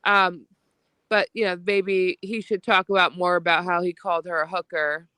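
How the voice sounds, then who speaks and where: A woman's voice: on the low side, little pitch movement, moderate pace, bright, forceful tone, smooth, dry recording. Profane, confrontational woman ranting on a livestream. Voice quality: slightly nasal. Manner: profane, confrontational, mocks others in put-on voices. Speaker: livestream co-host. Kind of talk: combative livestream rant. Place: lying down at home.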